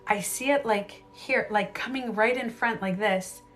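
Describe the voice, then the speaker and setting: Animated woman telling a story on a livestream. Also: medium pitch, a little slow, faint music behind. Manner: animated, filler-heavy telling that acts out reactions. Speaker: live streamer and beauty coach. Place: a bedroom at home.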